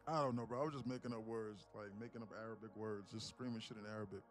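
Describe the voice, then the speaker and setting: A man's voice: lowish voice, steady tone, quick pace. A man talking bluntly and profanely in a rambling way while day trading on a live stream. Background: music.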